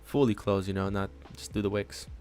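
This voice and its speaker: A man live-streams his day trading at home, his dog on his lap at the trading desk, over soft background music. His voice is on the low side and a little mellow, his delivery flat and brisk, as he casually thinks aloud about chart levels, often dropping "honestly" and "man."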